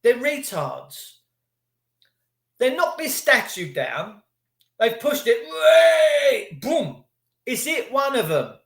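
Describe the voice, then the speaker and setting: A man rants furiously into his livestream, cursing freely and mocking people in put-on voices. His tone is bright and cutting. The room around him sounds echoey. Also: extremely high pitch, big pitch swings, slow pace, creaky, pauses often. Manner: swearing, mocking, acts out voices. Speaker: livestream ranter. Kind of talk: angry livestream rant.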